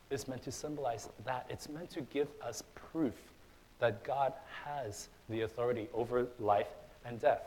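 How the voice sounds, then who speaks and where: A young man preaching a sermon in a church, conversational and relaxed, with fillers and restarts, rising to loud, emphatic stretches. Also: mid-range voice, slight background noise, rough recording. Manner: casual, conversational preaching with fillers and repeated starts; builds to loud, emphatic passages. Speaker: pastor. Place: church hall.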